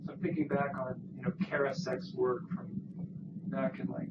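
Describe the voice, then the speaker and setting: A man's voice: mid-range voice, level tone, moderate pace. Echoey distant man asking a question. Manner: thoughtful, referencing literature. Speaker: faculty audience member. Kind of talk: academic Q&A question. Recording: echoey, distant, lo-fi, noisy room.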